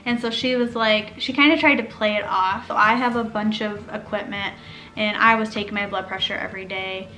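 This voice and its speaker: A young woman casually telling her own birth story, chatty and animated, acting out what others said. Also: mid-range voice, fairly quick, faint music behind. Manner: chatty, animated, acts out quoted speech.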